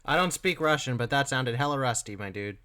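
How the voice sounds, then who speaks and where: Sarcastic male commentator, animated pitch, dry close mic. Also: brisk, dry recording. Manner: snarky, mocking asides. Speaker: commentary video host.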